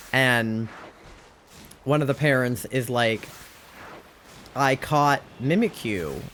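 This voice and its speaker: There's slight background noise behind this mid-range voice. It belongs to a young adult Twitch streamer who is sick and sounds off from normal, rambling in casual live-stream chat with giggles and heaps of fillers.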